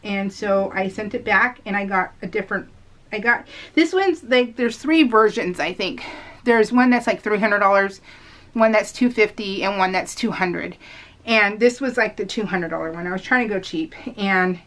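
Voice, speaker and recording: A woman's voice: medium pitch, moderate pace, fairly bright tone. A woman talking casually to her viewers in a rambling voice-over, full of fillers and frequent laughter. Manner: rambling, lots of fillers, addresses viewers as "you guys"; laughs often while telling stories. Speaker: vlogger.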